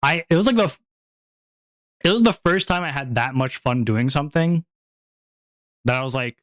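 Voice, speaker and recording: A man's voice: medium pitch, expressive, a little fast, fairly bright tone, dry recording. A young man chatting casually on a stream, rambling, repeating himself and laughing often. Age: young adult.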